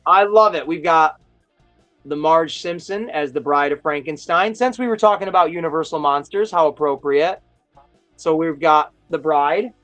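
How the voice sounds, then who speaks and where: Faint background music runs beneath a toy chat live stream whose host, a man with a strikingly high voice, speaks at a moderate pace. He rambles through his stories in casual chat, full of eager excitement.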